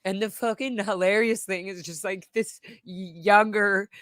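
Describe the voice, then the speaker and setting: A woman's voice: medium pitch, fairly even intonation, unhurried, no room sound. Impassioned woman guest, dry close sound. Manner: impassioned, emphatic, gets emotional. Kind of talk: candid conversational interview.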